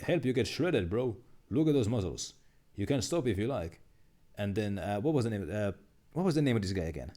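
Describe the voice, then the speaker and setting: A man in casual live-stream chat, reading memes aloud and puzzling them out. His voice swings widely in pitch yet stays mellow and dark in tone. He mutters, restarts sentences and laughs at the jokes.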